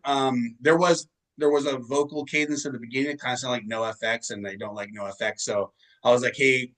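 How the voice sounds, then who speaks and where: A man's voice: mid-range voice, fairly quick, sharp tone, low-quality recording. A male musician being interviewed, telling long rambling anecdotes in casual chat and swearing freely. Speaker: musician guest.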